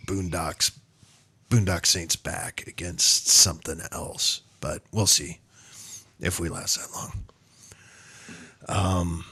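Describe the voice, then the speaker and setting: A man with a low, husky voice hosts a casual movie podcast. He laughs a lot and keeps the segments moving. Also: pushed and bright. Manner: laughs often, runs the show segments. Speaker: podcast host. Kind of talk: casual chat.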